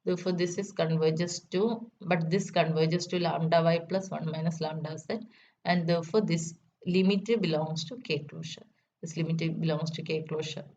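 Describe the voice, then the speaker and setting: Woman lecturer with a lowish voice, methodical proof-by-proof delivery, muffled lo-fi recording. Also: steady tone, moderate pace, a little mellow. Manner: methodical, repeats key steps. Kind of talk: math lecture. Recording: dull lo-fi recording with faint noise.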